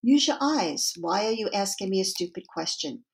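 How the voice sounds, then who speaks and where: A woman's voice: mid-range voice, expressive, normal speed, close to an everyday voice. A woman voicing a hostile medieval stonecutter who scolds impatiently, in a storytelling parable. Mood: scornful.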